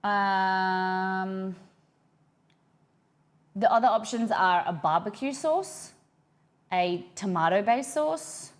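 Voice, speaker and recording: A woman's voice: mid-range voice, animated, measured pace, pauses often. A young woman hosting a cooking livestream, chatting casually and rambling as she reads her viewers' messages aloud.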